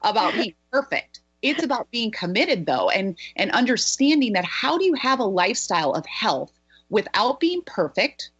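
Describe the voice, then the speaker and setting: A woman's voice: on the high side, very animated, moderate pace, fairly bright tone, slightly rough, dull audio. A woman hosting a health talk show, speaking in an emphatic, motivational way. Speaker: health coach, show host. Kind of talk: energetic radio talk.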